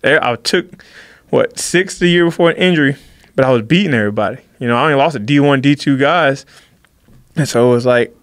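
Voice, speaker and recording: A man telling a story from his life in a casual chat, quickly and with animation, and voicing the people he quotes. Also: mid-range voice, dry recording, clean studio sound. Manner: fast, animated storytelling, acts out quotes of others. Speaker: podcast guest, fighter.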